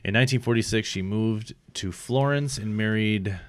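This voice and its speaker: A man's voice: lowish voice, moderate pace. A man in his thirties co-hosting a podcast, reading facts aloud in casual chat, stumbling over foreign names and swearing freely. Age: 30s. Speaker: podcast co-host.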